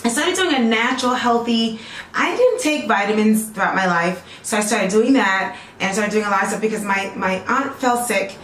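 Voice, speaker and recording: A woman's voice: a little high, normal speed, fairly bright tone, reverberant, a little hiss or hum. A woman chatting casually to her viewers in a rambling, friendly vlog, checking in with them often. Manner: chatty, rambling, talks straight to viewers with lots of "okay?". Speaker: natural hair vlogger selling her own products.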